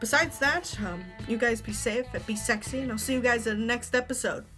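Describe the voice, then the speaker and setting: Young woman, playful gameplay commentary, offhand, fairly high bright voice. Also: a little fast, soft background music. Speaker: let's-play host.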